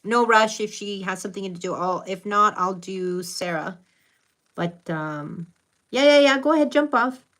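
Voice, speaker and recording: A woman's voice: mid-range voice, unhurried, fairly bright tone. A middle-aged American woman with a Hispanic Latin accent, hosting a live stream, greeting viewers by name and giving earnest, reflective spiritual advice. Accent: American English with a Hispanic Latin accent. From United States.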